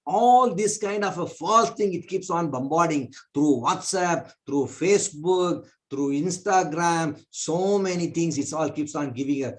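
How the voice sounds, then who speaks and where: A man teaching a spiritual class, telling a parable in an animated way. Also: a little slow, few pauses. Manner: animated, pitch jumping between voices.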